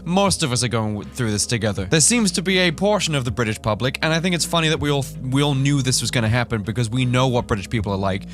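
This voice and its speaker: A man's voice: mid-range voice, expressive, fast talker, few pauses, fairly bright tone, faint music behind. A man hosting a reaction vlog, ranting animatedly and swearing. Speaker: YouTuber.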